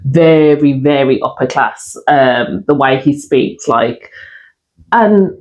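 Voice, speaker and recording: A woman's voice: extremely low pitch, lively intonation, takes it slowly, darkish tone, poor audio. Chatty woman co-hosting a podcast. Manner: chatty, many fillers and laughs. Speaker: podcast co-host. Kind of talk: casual discussion.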